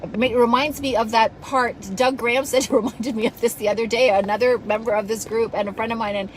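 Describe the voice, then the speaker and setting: A woman's voice: fairly high pitch, steady tone, fast talker, a little hiss or hum, rough recording. A woman coach giving a passionate, blunt motivational talk to her followers, scolding them now and then and swearing casually. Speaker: self-help coach.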